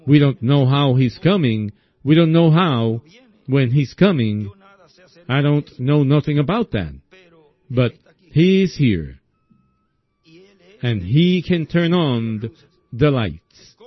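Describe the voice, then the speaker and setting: Slow folksy preacher man, lo-fi recording. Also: mid-range voice, animated. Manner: slow folksy storytelling, keeps asking "see?". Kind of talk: sermon. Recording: dull lo-fi recording.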